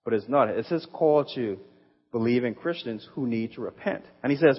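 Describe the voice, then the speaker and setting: A man's voice: mid-range voice, normal speed, slightly rough. A man pastor giving a sermon, reading scripture earnestly and adding casual, emphatic asides. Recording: echoey hall, muffled sound.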